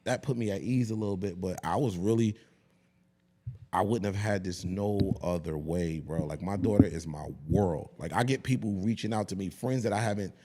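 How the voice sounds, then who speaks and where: A man around forty, a podcast guest, chatting casually and telling stories in a profane, animated way. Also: sits low, normal speed, slight background noise.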